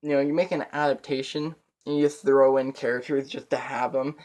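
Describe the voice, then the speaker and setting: A man's voice: medium pitch, flat delivery, brisk, darkish tone. A young man giving a casual movie review, rambling and profane, with laughs between his points.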